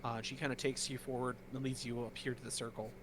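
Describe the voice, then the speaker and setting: A man's voice: mid-range voice, little pitch movement, fast talker. A man narrating as game master in a casual way, with many fillers. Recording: noisy home mic.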